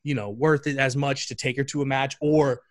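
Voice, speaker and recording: A man telling a story in a casual chat, animated and full of fillers. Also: medium pitch, brisk. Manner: animated, chatty, many fillers.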